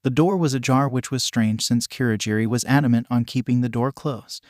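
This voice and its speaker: A man reading a fan fiction story aloud in a steady, even narration, voicing the dialogue with little change. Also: mid-range voice, brisk, no room sound, clean studio sound. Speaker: fanfic reader. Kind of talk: scripted narration.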